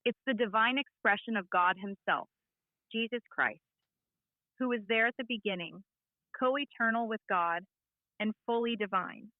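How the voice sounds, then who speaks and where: Synthetic woman's voice, simulated sermon, earnest, clear, fairly high, thin phone-speaker sound. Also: normal speed, long pauses, no echo. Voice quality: smooth synthetic voice. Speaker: AI voice assistant. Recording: tinny phone speaker playback.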